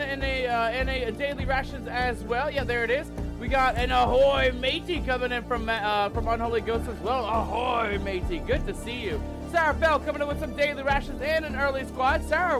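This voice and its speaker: A very high-pitched man greets his stream crew in a playful pirate-captain persona, calling everyone mateys. Clear music plays underneath his voice. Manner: theatrical pirate-captain patter, calls viewers mateys. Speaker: gaming streamer host.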